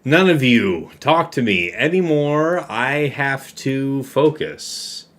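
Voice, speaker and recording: Lively, tipsy male game streamer. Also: medium pitch, slow pace. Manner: loud, teasing banter. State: tipsy from drinking. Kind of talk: casual chat while gaming.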